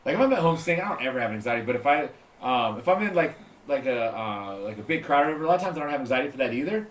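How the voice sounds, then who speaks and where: A man talking quickly and easily in a casual podcast chat, full of filler words. His voice bounces around a roomy, echoey space. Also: mid-range voice, slight background noise. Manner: fast, relaxed and chatty with many fillers. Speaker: podcast host and singer.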